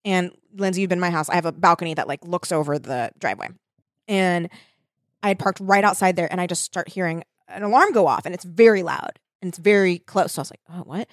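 A woman's voice: on the low side, fast, no echo, studio quality. Rambling storytelling woman podcast co-host. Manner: rambling, self-interrupting, bursts into shouting when telling stories. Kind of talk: casual chat, storytelling.

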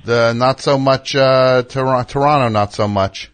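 A man's voice: mid-range voice, fairly even intonation, unhurried. Dry, sarcastic male radio host. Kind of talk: casual call-in talk.

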